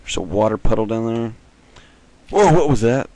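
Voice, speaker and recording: A man giving rambling, jokey let's-play commentary as host of a gaming video, giggling and breaking into sudden high squeals. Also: animated, normal speed, dark tone, no echo.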